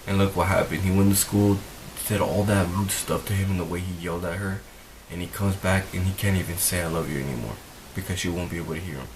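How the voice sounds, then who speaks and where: Young male vlogger, deep and monotone, emotional and rambling, faint hiss on the track. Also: quick pace, few pauses. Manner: emotional, rambling, repeats himself. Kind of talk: earnest talk to camera.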